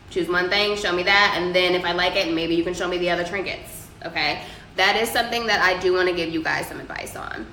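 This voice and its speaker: A young woman hosts a casual livestream, reading viewer comments aloud and handing out loose, profane advice. Her voice sits on the low side, bright and forceful, and she talks fast. The room is echoey, with faint ambient noise.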